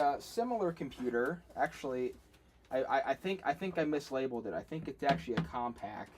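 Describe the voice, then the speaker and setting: A man chats loosely through a home livestream, poking at old computers and joking at his own expense. His voice sits in an ordinary middle pitch. A faint background hiss runs under the recording. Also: animated, fairly quick, a little mellow. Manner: rambling, self-deprecating, laughs often. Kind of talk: casual livestream commentary. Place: home room.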